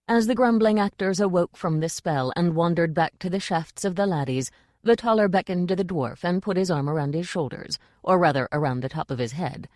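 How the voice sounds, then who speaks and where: A woman narrates a fantasy novel in a steady, unhurried storytelling manner. Her voice sits low for a woman, and the recording is dry and close with no room sound. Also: no room sound. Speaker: audiobook narrator. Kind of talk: scripted narration.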